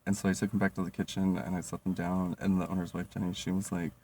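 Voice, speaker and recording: Low gravelly young man rambling stories. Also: little pitch movement, fast talker, warm tone. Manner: rambling, lots of "like" and "um", swearing, laughing. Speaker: vlogger. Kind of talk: casual comedic storytelling. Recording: distant mic, faint noise.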